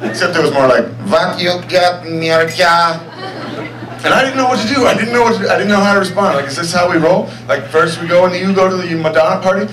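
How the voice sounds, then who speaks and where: A young man performing a stand-up comedy set on a club stage, with deadpan asides and checks on the crowd. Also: high voice. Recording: echoey club sound from far off. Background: audience noise.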